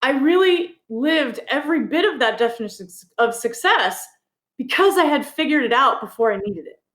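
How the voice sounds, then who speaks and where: A high-pitched woman recounts a personal story as an interview guest, laughing now and then. Her voice rings a little in an echoey room. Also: normal speed. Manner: animated, laughs while telling a story. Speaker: guest author. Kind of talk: conversational storytelling.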